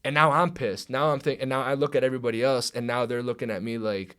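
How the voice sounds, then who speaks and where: A young man talks quickly on a podcast, swearing freely as he tells a story. He slips into the voices of the people in it and acts out what they said. His pitch sits in an ordinary middle range. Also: clean tone. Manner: profane, animated, acts out quoted dialogue. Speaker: podcast guest, pro wrestler. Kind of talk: casual storytelling chat.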